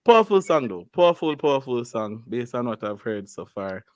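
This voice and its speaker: A mid-range, clear and resonant voice moves at a fairly quick pace in a dry recording. The speaker is a radio host in the studio who jokes around with his guest, animated and teasing, often breaking into laughter.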